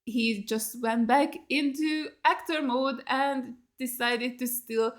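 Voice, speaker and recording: A woman's voice: a little high, fairly even intonation, takes it slowly. Exasperated, foul-mouthed woman reacting. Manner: blunt and heavily profane, talking straight at the screen; upset and exasperated, with rhetorical questions and frequent "like". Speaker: YouTube reactor watching a TV series. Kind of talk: casual reaction commentary.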